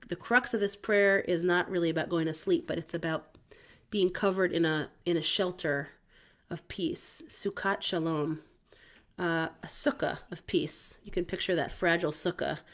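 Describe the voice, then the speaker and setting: Woman, musician, soft reflective chat between songs, lowish voice, frequent ums. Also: fairly even intonation, normal speed. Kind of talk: casual spoken introduction between songs. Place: outdoors in the woods.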